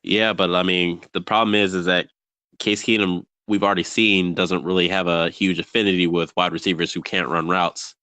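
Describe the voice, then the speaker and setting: Deep-voiced man in rambling sports chat. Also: flat delivery, moderate pace, pushed and bright. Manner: rambling, many fillers and restarts. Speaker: podcast co-host.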